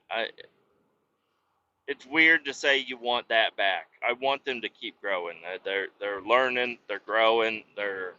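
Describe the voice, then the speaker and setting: A man's voice: fairly low pitch, sharp tone. A man driving a truck and vlogging from the cab, rambling about family and swearing at his sluggish truck. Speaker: truck driver. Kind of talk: casual vlog while driving. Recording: dull lo-fi sound.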